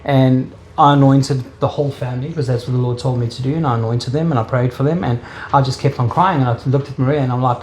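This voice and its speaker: A man's voice: medium pitch, steady tone, fast, few pauses, darkish tone. Earnest South African man, echoey room. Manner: earnest, emotional storytelling. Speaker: interviewee. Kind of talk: personal faith testimony. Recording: echoey room with faint ambient noise.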